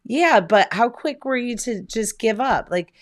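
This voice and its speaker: Energetic woman coaching in rhetorical questions. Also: a little high, a little slow. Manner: energetic, conversational, asks many rhetorical questions. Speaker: business coach. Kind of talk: motivational online coaching talk. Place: home.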